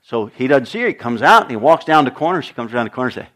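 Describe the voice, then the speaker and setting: A man's voice: medium pitch, big pitch swings, very fast, a bit bright. A middle-aged man preaching a sermon, telling stories and acting out the dialogue in different voices. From United States. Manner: storytelling, acts out dialogue with shifting voices. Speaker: pastor.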